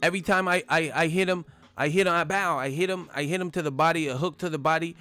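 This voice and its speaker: A man putting on a high, soft, lisping voice as an impression of a famous boxer, for a comic bit in a casual chat. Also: steady tone, fast, smooth, soft background music. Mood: boastful.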